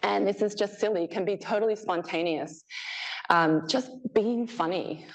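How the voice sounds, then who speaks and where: A woman giving a research talk to a live audience. She is chatty and animated and often laughs. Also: medium pitch, moderate pace, poor audio. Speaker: PhD researcher presenting her work. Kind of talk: conference presentation. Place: presentation room with a live audience.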